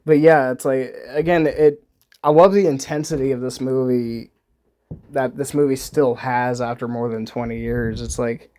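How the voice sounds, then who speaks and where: A man's voice: medium pitch, fairly even intonation, normal speed, darkish tone. Rambling, profane young man reacting to a movie. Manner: rambling, profane, laughs often, many restarts. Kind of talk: casual movie commentary.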